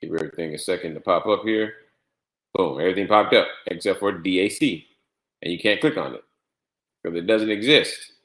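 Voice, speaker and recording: A man giving a step-by-step screen-share tutorial on trading software, repeating instructions and spelling out letters. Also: sits low, a little fast. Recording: echoey room.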